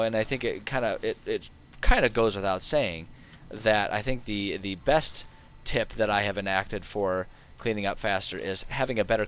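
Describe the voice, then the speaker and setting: A man's voice: lowish voice, clear, resonant tone. A man streaming a game live, talking casually and rambling with lots of fillers. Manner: rambling and chatty, with many fillers.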